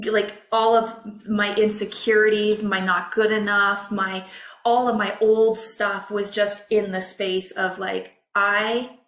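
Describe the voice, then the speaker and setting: Bright-voiced woman telling her story. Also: mid-range voice, echoey room. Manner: candid, emotional, expressive storytelling. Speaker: guest, business coach. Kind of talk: personal storytelling in a podcast interview.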